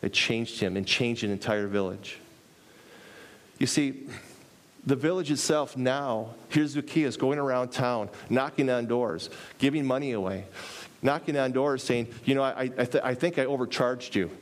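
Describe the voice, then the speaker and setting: Animated man preaching a sermon. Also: normal speed. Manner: animated, acts out dialogue with pitch jumps; repeats phrases for emphasis.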